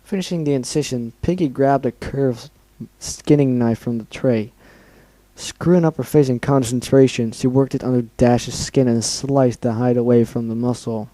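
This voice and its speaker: A man's voice: mid-range voice, normal speed, warm tone, no room sound, poor audio. A young man reading fan fiction aloud as an amateur dramatic reading, often stumbling over words and correcting himself.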